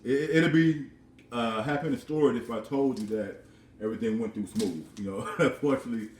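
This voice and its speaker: A man's voice: medium pitch, a little fast, a little mellow, distant mic, slight background noise. A man in his thirties casually telling a personal story at home, rambling and repeating words with frequent chuckles. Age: 30s. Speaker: vlogger. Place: his own house. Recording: roomy sound from off-mic.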